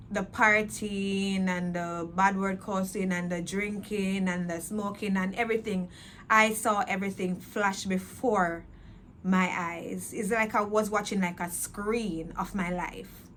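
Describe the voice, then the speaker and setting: A woman's voice: medium pitch, a bit bright, slight background noise. A woman telling her personal faith testimony, earnest and repetitive, slipping into patois. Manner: earnest, repetitive, emotional retelling. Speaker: testimony speaker.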